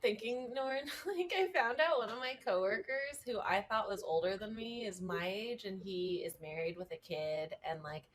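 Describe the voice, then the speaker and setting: A woman's voice: mid-range voice, moderate pace, few pauses, slight background noise. A young adult woman co-hosting a podcast, chatting casually and filling her talk with "like". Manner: chatty, many "like" fillers. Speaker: podcast co-host. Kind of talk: casual chat.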